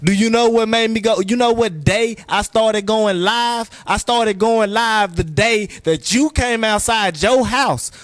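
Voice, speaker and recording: Fired-up high-voiced man. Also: measured pace, hardly any pauses, no echo. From East Texas. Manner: animated, emphatic, profane ranting. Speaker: podcast guest. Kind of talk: heated podcast conversation.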